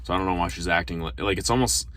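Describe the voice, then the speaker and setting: A man's voice: deep voice, racing, a bit bright. A man who works as a restaurant server tells a story casually from inside his car, talking into his phone. He rambles, sounds a little self-conscious, and uses lots of fillers and restarts. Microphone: phone held in front of him.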